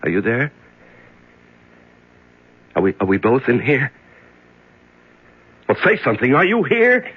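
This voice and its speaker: A terrified prisoner shut in a black room, stammering and muttering to himself. The voice swings wildly in pitch and drags slowly. It comes from a dull, muffled 1970s radio drama with music beneath. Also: male voice, huge pitch swings, slightly rough, exaggerated voice. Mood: anxious. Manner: stammering, panicky, whispering to himself. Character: frightened male prisoner locked in total darkness.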